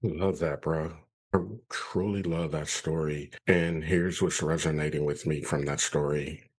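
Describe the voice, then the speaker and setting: A man's voice: rumbling low, fairly even intonation, measured pace, breathy edge. A man, a leadership coach, reflecting on a story in a podcast chat.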